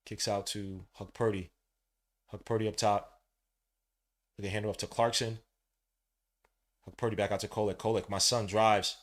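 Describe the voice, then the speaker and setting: A man, hosting a fan podcast and calling a live game, swinging from low muttering to loud shouting, full of slang. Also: little pitch movement, normal speed, long pauses. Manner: heavy slang, calls out plays between asides. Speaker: podcast host. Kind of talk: live fan watch-along commentary.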